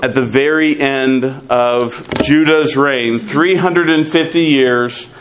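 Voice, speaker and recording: A man teaching through a Bible passage, pausing often with fillers and reading scripture aloud. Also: medium pitch, background noise. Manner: measured, frequent "uh" fillers, reads scripture aloud. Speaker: pastor teaching a Bible study.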